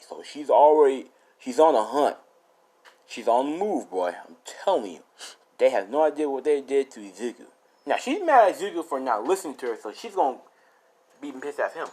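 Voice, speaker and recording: A man telling a story in a loose, rambling way, packed with fillers and profanity. His pitch moves around a lot as he talks. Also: darkish tone, poor audio. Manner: rambling, full of fillers and swearing.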